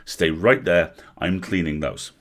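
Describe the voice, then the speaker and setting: Storybook part: man doing a kind male elf healer, low gravelly voice, coaxing and gentle. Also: lively intonation, a little slow, exaggerated voice. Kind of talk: storybook character reading.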